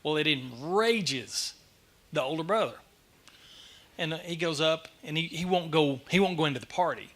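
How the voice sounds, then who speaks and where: A middle-aged man preaches in a church, his voice bright and sitting a little high. He tells the story in an animated way and pokes fun at himself as he goes. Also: moderate pace. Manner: animated storytelling, self-deprecating. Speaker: lay speaker giving a church message. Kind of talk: sermon. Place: church sanctuary.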